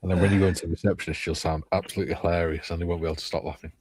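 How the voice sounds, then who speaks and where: A man's voice: low-pitched, fairly even intonation, rapid-fire, darkish tone, husky, no echo. An older man hosting a casual livestream, joking as he reads out viewers' comments. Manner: jokey, reads out chat comments. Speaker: livestream host.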